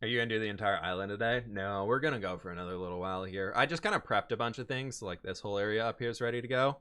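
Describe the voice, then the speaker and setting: A man in his twenties from Pennsylvania, USA, hosts a livestream, chatting casually while gaming, laughing often and reading the chat aloud. His voice is fairly low, very fast, sharp, clear and resonant.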